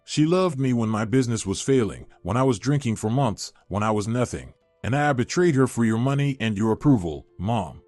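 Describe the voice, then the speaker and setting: A man's voice: mid-range voice, lively intonation, brisk, hardly any pauses, darkish tone, no room sound, faint music behind, lightly acted. A man voicing a weak-willed husband in his thirties, speaking in a broken, pleading way.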